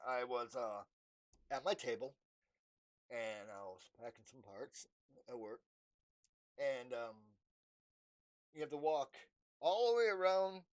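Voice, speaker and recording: A young man in a casual, halting vlog monologue, with many fillers and restarts, acting out imagined dialogue. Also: medium pitch. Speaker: vlogger.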